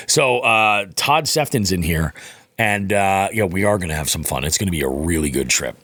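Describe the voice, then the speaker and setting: A man's voice: sits low, lively intonation, normal speed, pushed and bright, no echo, clean studio sound. A man, hosting a podcast and telling rambling stories in casual chat, swearing freely. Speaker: podcast host.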